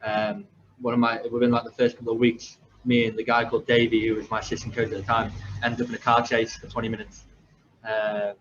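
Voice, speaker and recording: A man's voice: mid-range voice, monotone, brisk, a bit bright. A young man from England, a podcast host, telling his story in a rambling, self-deprecating way with many fillers and restarts. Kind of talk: casual storytelling. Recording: slightly dull lo-fi audio with faint background noise.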